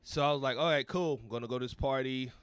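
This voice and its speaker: A man in his thirties tells a rowdy party story as a podcast guest. His pitch sits mid-range, and the talk is loose and profane. He often jumps his voice up to act out what other people said. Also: fast, clean tone, no echo. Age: 30s. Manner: animated, swearing, acts out quotes in a high voice. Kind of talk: casual storytelling chat.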